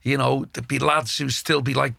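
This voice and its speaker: A man's voice: medium pitch, little pitch movement, normal speed, gravelly, pushed and bright, no echo, studio quality. A middle-aged male comedian, telling blunt, sweary stories in casual chat. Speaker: comedian, podcast co-host.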